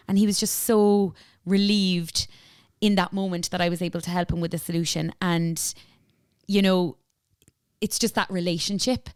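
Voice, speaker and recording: A woman with an Irish accent, a business founder talking in a casual interview, chatty and animated, full of fillers and retold dialogue. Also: fairly low pitch, normal speed, clean tone, dry recording, studio quality. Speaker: entrepreneur guest.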